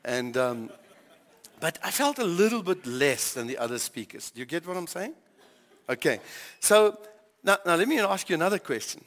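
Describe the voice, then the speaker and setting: A man's voice: a little high, very animated, moderate pace, fairly bright tone, long reverb tail. An older man and grandfather, preaching a conversational sermon with many questions to his congregation. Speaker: pastor.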